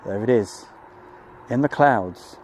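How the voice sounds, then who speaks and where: A man's voice: mid-range voice, takes it slowly, a little mellow. A man hosting a live plane-spotting stream, chatting jokily and reading out viewer messages. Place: outdoors at an airfield.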